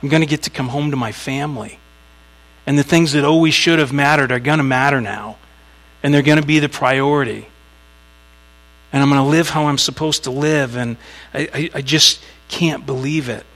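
A man's voice: medium pitch, steady tone, moderate pace, fairly bright tone, poor audio. A man preaching a sermon in a conversational way, telling a story with little acted asides. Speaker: pastor.

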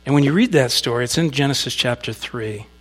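A man's voice: mid-range voice, a little fast, breathy edge. Man preaching with conversational emphasis. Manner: conversational preaching, asides to the congregation, emphatic scripture reading. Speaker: pastor. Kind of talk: sermon.

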